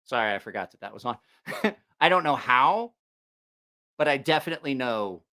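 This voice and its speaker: A man's voice: mid-range voice, lively intonation, sharp tone, clean tone. Rambling man hosting a livestream. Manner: rambling, halting, with restarts and swearing. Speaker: livestream host. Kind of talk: casual livestream chat.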